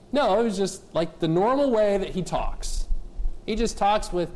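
A man's voice: high-pitched, moderate pace, warm tone. A male pastor preaching a sermon, emphatic, firing rhetorical questions at the congregation and speaking to kids and adults directly.

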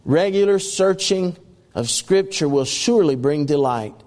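A man's voice: fairly high pitch, animated, a little slow, darkish tone, in a large hall. A man preaching a sermon, reading scripture aloud and repeating key phrases with emphasis.

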